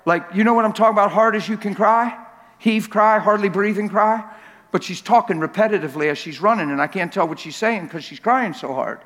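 Male preacher, high voice, emphatic and repetitive delivery with shouted peaks; long church-hall reverb. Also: fairly quick. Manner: emphatic, repeats words for effect, rises to shouting at climaxes; jokes with the crowd. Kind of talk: sermon.

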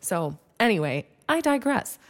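A young woman from Michigan hosting a podcast, telling a story in a chatty, animated way full of "like". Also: mid-range voice, measured pace. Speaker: podcast host. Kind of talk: casual storytelling.

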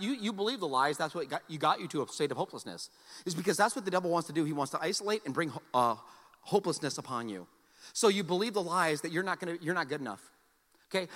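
In a hall with long reverb, a pastor whose voice sits on the high side shares a personal story during his sermon. He alternates loud, animated exclamations with quiet, heartfelt appeals.

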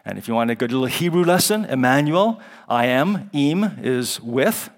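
A man's voice: medium pitch, lively intonation, normal speed. A man giving a chapel sermon, praying and then teaching from the Bible in a conversational way, with ums and chuckles as he explains Hebrew and Greek words. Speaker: guest chapel speaker. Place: college chapel.

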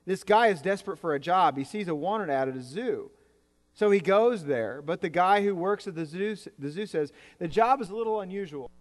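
High-voiced pastor preaching in a reverberant church. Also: male voice, lively intonation, normal speed. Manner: conversational preaching with jokes and repetitions. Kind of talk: sermon. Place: church sanctuary. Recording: reverberant hall.

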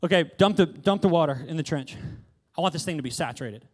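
A man's voice: fairly high pitch, expressive, quick pace. A man playing a confident prophet who orders his helpers around in an acted sermon skit, brash and teasing. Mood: bossy, confident.

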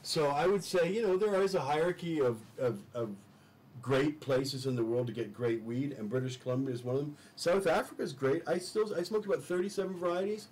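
A man's voice: a little high, fairly quick, darkish tone, rough recording. Enthusiastic rambling man on a talk show. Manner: rambling, enthusiastic, repeats words when restarting. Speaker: studio guest. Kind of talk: casual talk-show chat.

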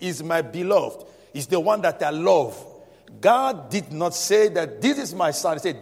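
A man preaching a sermon in a church, his voice sitting a touch higher than most men's. He drives his points home with repetition and calls to the congregation. The sound rings out with a long, hall-like reverb. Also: sing-song, measured pace, darkish tone, husky. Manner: emphatic preaching with repeated "Amen" and call-and-response. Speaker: pastor.

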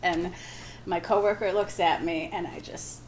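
Woman comic, animated anecdote delivery, laughs through it, acts out the quotes. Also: lowish voice, measured pace, slight background noise. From Wisconsin. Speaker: guest comic. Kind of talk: casual storytelling.

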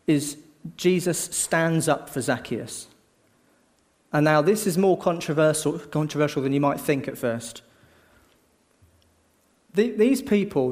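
A middle-aged man preaching a sermon, telling the story lively and acting out the voices of a crowd. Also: a little high, in a large hall.

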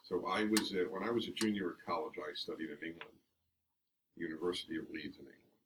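A radio host telling stories emphatically as the guest in an interview, recorded from a distance. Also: male voice, sits low, quick pace, background noise. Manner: emphatic, animated storyteller. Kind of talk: interview storytelling.

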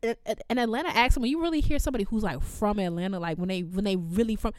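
Animated woman ranting. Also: mid-range voice, very fast, no room sound, studio quality. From Chicago, USA. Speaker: podcast co-host. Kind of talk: casual chat.

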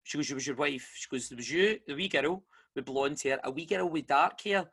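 A Scottish man hosting a casual chat, telling a story with lively energy and acting out the voices of the people he quotes. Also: a little high, fairly quick, gravelly, husky.

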